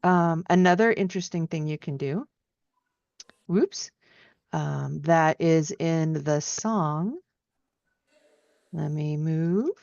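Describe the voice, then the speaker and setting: A woman's voice: sits low, slow pace, creaky, pauses often, darkish tone, dry recording. A woman teaching piano, giving friendly feedback and singing phrases out in syllables to show how they go. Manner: encouraging, sings melodies out in syllables. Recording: dry, dull lo-fi sound.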